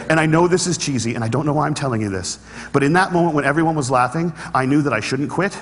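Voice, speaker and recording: Fast-talking man in a big hall. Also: mid-range voice. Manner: storytelling, earnest, humorous asides. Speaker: speaker. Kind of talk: inspirational stage talk. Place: large hall with an audience. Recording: reverberant hall.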